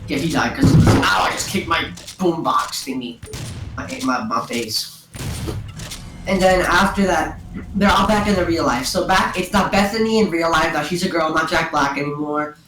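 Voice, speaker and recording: A woman talks into a gaming headset at home, tumbling through a story in a giggly, rambling rush. Her voice sits a little low, and the sound carries a roomy echo. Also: moderate pace, slight background noise. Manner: excitable, giggly, full of "and then" and "like". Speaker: storyteller among friends. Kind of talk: casual rambling retelling over voice chat.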